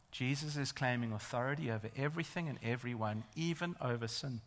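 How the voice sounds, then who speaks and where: A man's voice: mid-range voice, a little fast, few pauses, a bit bright. A man preaching a sermon in a church, emphatic and building to intense rhetorical questions. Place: large church hall. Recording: long church hall reverb.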